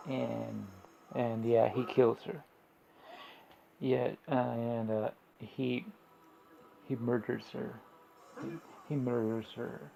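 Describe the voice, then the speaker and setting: Gravelly, rambling man recapping a show. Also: mid-range voice, level tone, slow pace, pauses often, dark tone, muffled recording, slight background noise. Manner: rambling, slangy, sarcastic, many fillers. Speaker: video host recapping a TV episode. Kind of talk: casual recap and review.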